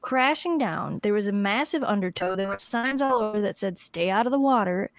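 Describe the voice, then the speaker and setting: A woman co-hosting a podcast, telling a story in casual chat, animated and laughing often as she acts out what people said. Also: mid-range voice, brisk, dry recording. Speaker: podcast co-host.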